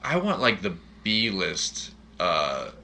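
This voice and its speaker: A man's voice: low-pitched, big pitch swings, slow pace, vocal fry, sharp tone, slight background noise. A man co-hosting a casual movie chat, asking eager, jokey questions. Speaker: podcast co-host.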